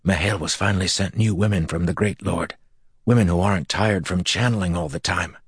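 A man's voice: low voice, fairly quick, husky, no room sound, clean studio sound, pitched above the performer's own voice. Man putting on a jittery, pleading turned young man. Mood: anxious eager. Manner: anxious and pleading. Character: frightened young man turned to shadow, eager. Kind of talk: audiobook character voice.

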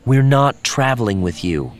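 A man voicing a composed, firm woman leader with measured speech. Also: mid-range voice, sing-song, pitched above the performer's own voice, lightly acted.

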